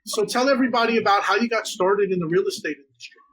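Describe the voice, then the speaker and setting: A man's voice: high-pitched, fast, over a noisy crowd, poor audio. A man hosting a podcast interview, laid-back and friendly in tone, calling his guest brother and bro. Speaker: podcast host. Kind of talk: casual interview chat.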